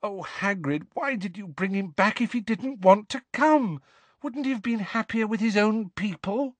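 A man voicing an anxious, clever teenage girl witch who turns shrill and tearful, in an audiobook. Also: animated, moderate pace, no room sound. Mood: shrill, upset. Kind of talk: audiobook character voice.

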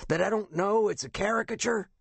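A man reading an audiobook voices a guarded older Air Force veteran with a rough, rasping voice, pitched well above his own. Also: fairly quick, dry recording, full character voice. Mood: prickly.

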